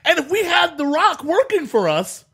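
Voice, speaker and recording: Podcast co-host, male, high bright voice, lively and exasperated, comic ranting. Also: normal speed, gravelly. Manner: animated, exasperated, bursts into shouts and laughter. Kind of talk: casual comedic chat.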